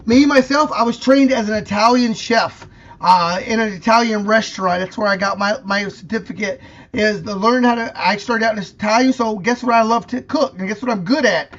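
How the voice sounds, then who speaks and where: A man with a very high voice co-hosts a podcast, talking with plain-spoken enthusiasm. His audio comes through dull and lo-fi, as if sent in from a remote line. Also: a little fast, a bit bright. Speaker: podcast co-host. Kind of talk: casual podcast chat.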